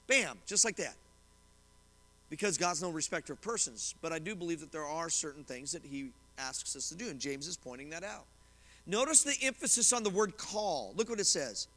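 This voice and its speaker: A middle-aged man preaching in a church, his voice high and bright for a man. He talks fast and chatty, stopping to reassure his listeners, and a long reverb hangs on his words in the sanctuary. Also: animated. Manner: fast-talking, conversational, reassuring asides to the congregation. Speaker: pastor. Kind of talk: sermon teaching from scripture and commentary.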